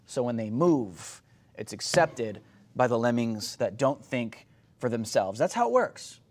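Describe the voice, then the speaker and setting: A young man hosting a political commentary show, talking emphatically with sarcastic bursts that rise loud. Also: mid-range voice, sing-song, unhurried.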